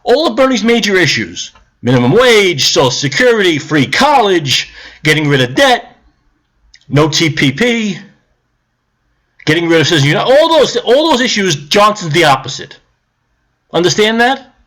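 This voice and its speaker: A political vlogger with a high voice talks to camera at a normal speed, pausing often, in a profane rant that lectures and scolds the viewer. Later he calms down into a grumbling explanation.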